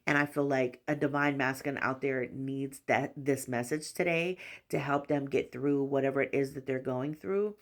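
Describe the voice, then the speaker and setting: A woman tarot reader giving a spiritual collective reading, talking gently and reassuringly in repeated affirmations, with frequent "you know" fillers. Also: very deep voice, steady tone, moderate pace.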